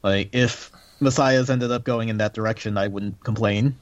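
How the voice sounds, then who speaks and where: A man's voice: fairly low pitch, fairly even intonation, moderate pace. A man co-hosting a casual chat, hesitant and leaning on "like". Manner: hesitant, leans on "like". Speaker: podcast co-host. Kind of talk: casual chat about a card game. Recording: dull lo-fi audio.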